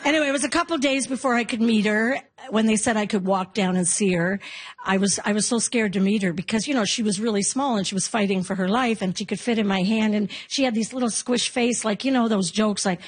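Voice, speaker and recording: A woman in her fifties performing a stand-up comedy set, telling animated stories and acting out quotes. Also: mid-range voice, brisk, husky. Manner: animated storytelling with acted-out quotes.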